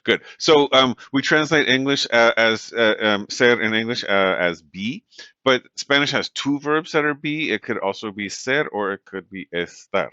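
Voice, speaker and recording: A man giving a recorded lecture as a language instructor, relaxed and full of fillers, checking in with "right?" often. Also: medium pitch, moderate pace, dry recording. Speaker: Spanish instructor. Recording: dull, lo-fi recording.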